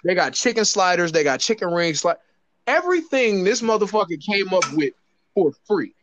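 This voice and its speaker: A man with a notably high voice talks in loose, casual podcast banter. He tells animated stories, swears freely and laughs often. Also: normal speed, background noise. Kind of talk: casual chat.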